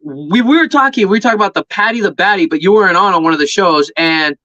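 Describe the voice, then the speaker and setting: A man's voice: high-pitched, lively intonation, fast talker, sharp tone. A man co-hosting a podcast, rambling loosely in casual chat with many fillers. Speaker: podcast co-host. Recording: dull lo-fi audio.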